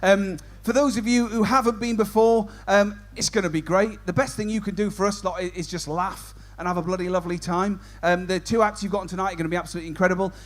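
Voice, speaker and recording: A man's voice: high-pitched, steady tone, fast, few pauses. A man compering a stand-up comedy show, doing cheeky banter with the audience. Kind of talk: crowd work stand-up.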